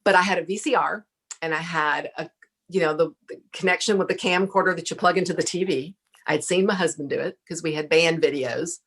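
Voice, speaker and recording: A middle-aged woman, a podcast guest, telling a lively story, laughing often and acting out what people said. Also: on the low side, brisk, husky. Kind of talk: casual storytelling interview.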